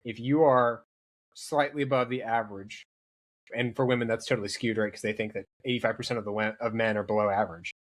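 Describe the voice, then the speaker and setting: A man's voice: fairly low pitch, fairly even intonation, fast talker. A man in casual conversation, telling rambling stories with many restarts. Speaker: podcast guest. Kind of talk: casual chat.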